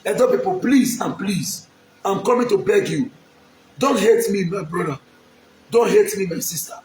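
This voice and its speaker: A man's voice: sits high, lively intonation, normal speed, a little mellow, reverberant, a little hiss or hum. A man from Edo State, Nigeria, with a Nigerian accent, making an emphatic, pleading public appeal straight to the camera and repeating his lines. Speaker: aspiring local politician.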